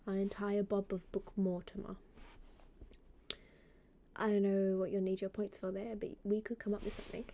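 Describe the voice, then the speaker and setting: A woman streamer chatting casually with her viewers, greeting them by name and often dropping into a soft half-whisper. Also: medium pitch, little pitch movement, moderate pace, long pauses. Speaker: live streamer. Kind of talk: casual live-stream chat.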